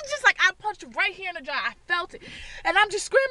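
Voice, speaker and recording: A woman beauty vlogger tells a story from her car in a bright, piercing voice that swoops high and low. She curses freely and loudly acts out her own screaming. The sound is close and dry, with no room echo. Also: sing-song, quick pace. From Boston area, USA. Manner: loud, swears a lot, acts out her screams. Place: parked car.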